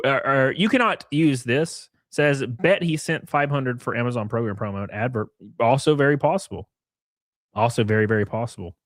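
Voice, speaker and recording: A man's voice: medium pitch, dry recording, studio quality. A man hosting a casual commentary stream, mocking and profane, who laughs often at what he reads out. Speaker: streamer host.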